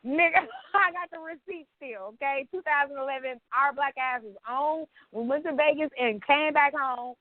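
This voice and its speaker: A woman's voice: sits high, moderate pace, hardly any pauses, dry recording. A woman co-hosting a casual podcast, blunt and profane, laughing often, in her thirties. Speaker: podcast co-host. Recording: tinny phone-like sound, dry.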